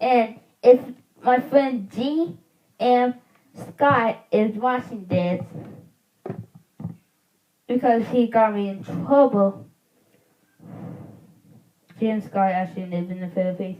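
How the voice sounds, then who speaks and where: A woman's voice: mid-range voice, steady tone, slow pace, pauses often. A woman vlogger talking in a rambling, playful casual chat, on a dull lo-fi home recording.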